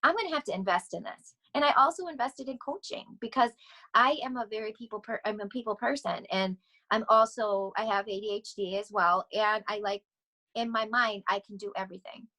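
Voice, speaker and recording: A middle-aged woman talking casually as a podcast guest, rambling and animated, often laughing as she speaks. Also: mid-range voice, a little fast, rough recording. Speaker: podcast guest, vocal coach. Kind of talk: casual interview chat.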